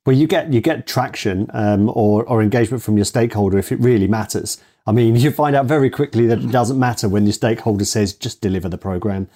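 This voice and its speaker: A man hosting a podcast who reflects on what he has seen in a measured way. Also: on the low side, warm tone. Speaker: podcast host. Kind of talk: casual interview talk.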